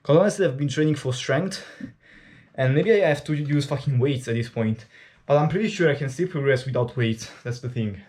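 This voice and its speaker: Talking briskly to camera during his workout, an Italian fitness vlogger from Italy, a native speaker, rambles casually and curses without restraint. He has a medium-pitched voice with a darkish tone.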